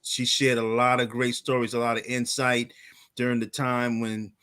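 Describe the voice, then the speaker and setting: A man co-hosting a podcast talks in a relaxed, conversational way at a medium pitch. He stumbles over a few words, then leans into emphatic praise. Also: normal speed, smooth. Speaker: podcast co-host. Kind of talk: casual chat.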